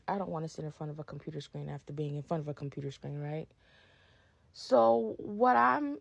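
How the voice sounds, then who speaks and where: A woman's voice: mid-range voice, gravelly, no echo. A woman podcast host delivering a heated, profane rant about wrestling, emphatic and fired-up.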